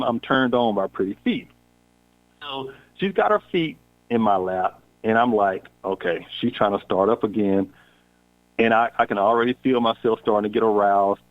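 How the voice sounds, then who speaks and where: Candid male storyteller on a tinny line. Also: mid-range voice. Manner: animated, candid storyteller acting out dialogue. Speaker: podcast host. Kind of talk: casual storytelling.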